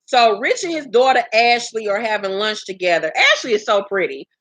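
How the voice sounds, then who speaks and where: Bright, blunt woman recapping TV. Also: mid-range voice, brisk, no room sound. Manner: blunt, profane, chatty. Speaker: reality TV recap vlogger. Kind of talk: casual episode recap.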